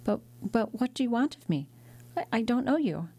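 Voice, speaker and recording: Woman voicing a timid young girl, stammering, high and breathless, audiobook reading. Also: measured pace, warm tone. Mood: nervous. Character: frightened innocent young girl.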